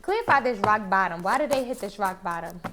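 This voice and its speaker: A woman's voice: mid-range voice, animated, a little fast, heavy background noise. Chatty woman reading tarot cards. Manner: chatty, exclaims and swears, repeats phrases. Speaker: tarot card reader. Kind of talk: casual tarot reading to camera.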